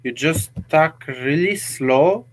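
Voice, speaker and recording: Slow-talking joking podcast host, a man. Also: fairly high pitch. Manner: joking, playful. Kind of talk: casual chat.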